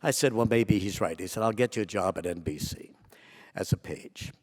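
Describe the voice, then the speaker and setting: An older man telling a personal story to a live audience, acting out the voices of the people in it with sudden leaps in pitch and loudness. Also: normal speed. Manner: animated, acts out quoted voices with big jumps in pitch and loudness. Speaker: guest storyteller. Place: large auditorium. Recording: long reverb of a large hall.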